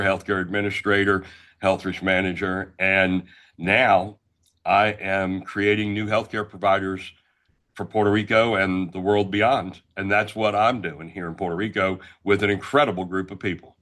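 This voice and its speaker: A middle-aged man from the Northeastern United States, a guest entrepreneur telling his story in a loud, brash, blunt way. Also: deep voice, level tone, normal speed. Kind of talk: casual talk show storytelling.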